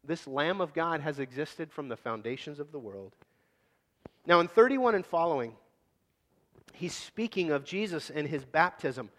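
A man preaching a sermon in a casual, animated way, acting out scenes. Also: on the high side, moderate pace, big-room sound. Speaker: pastor.

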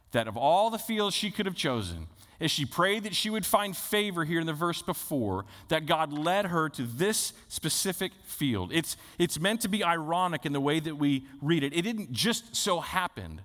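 A man's voice: fairly high pitch, a bit bright. Man preaching in a reverberant hall. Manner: earnest expository preaching, reading scripture aloud. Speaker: pastor. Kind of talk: sermon. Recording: long reverb of a church hall.

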